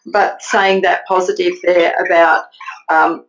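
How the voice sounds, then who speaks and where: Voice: mid-range voice, level tone, unhurried, a bit bright, highs cut off. An interview host who affirms the guest and sums up her points before leading into a break. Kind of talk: interview conversation.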